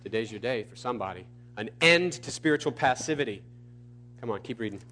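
A man preaching a sermon, emphatic and repetitive, building to loud peaks. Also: mid-range voice, animated, a little fast, a little hiss or hum. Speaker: pastor.

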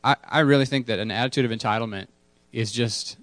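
A man's voice: mid-range voice, quick pace, a bit bright, dry recording. Candid, self-mocking male pastor. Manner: candid, self-deprecating, repeats words for emphasis. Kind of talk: casual sermon with congregation.

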